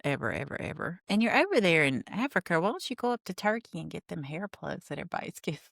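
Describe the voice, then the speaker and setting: Low-voiced woman recapping a reality show. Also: very animated, fast talker, creaky, fairly bright tone, no echo, clean studio sound. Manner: chatty, wry, gossipy. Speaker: podcast host. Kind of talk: casual TV recap.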